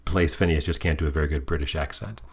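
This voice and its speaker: A man co-hosting a casual podcast with his daughter, animated and quick to slip into silly character voices. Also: very deep voice, breathy edge. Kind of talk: casual chat.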